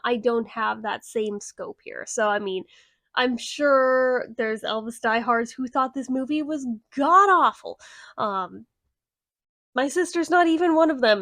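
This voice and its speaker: A woman's voice: fairly high pitch, fairly bright tone, no echo, clean studio sound. A young woman giving a casual spoken movie review in a blunt, sarcastic way, swearing freely.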